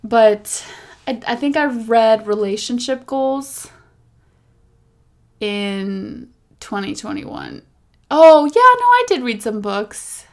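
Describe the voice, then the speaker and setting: A woman's voice: on the high side, lively intonation, slow pace, long pauses. A young woman hosting her own podcast, chatting candidly and rambling a little, often repeating words for emphasis. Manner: candid, self-reflective, faith-centered. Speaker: podcast host. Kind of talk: casual solo podcast talk.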